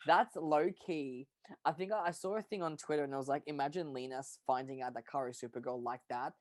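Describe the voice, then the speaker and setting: A woman co-hosting a casual show chat, expressive and emphatic as she reacts. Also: deep voice, quick pace, no echo. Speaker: co-host.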